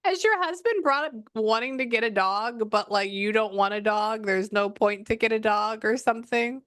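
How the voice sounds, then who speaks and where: During a casual psychic reading, a woman with a slightly high, somewhat bright voice speaks at a moderate pace. She often pauses to listen, then passes along what she hears as quotes; the recording is dry and studio-clean.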